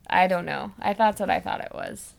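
A woman's voice: lowish voice, moderate pace, vocal fry. A woman co-hosting a film review podcast, chatting casually and laughing often. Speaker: podcast co-host.

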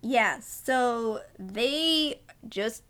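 A woman's voice: on the high side, expressive, very slow, a bit bright, clear, resonant tone. A woman co-hosting a film podcast, casually recapping the plot and acting out bits of dialogue. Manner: recaps plot, acts out lines. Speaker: podcast co-host.

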